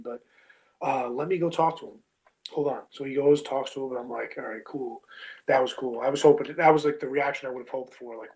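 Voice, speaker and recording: A man's voice: mid-range voice, steady tone, brisk, darkish tone, low-quality recording. A man in his thirties, a wrestler telling a long story in a casual interview, full of fillers like "you know what I mean" and "bro".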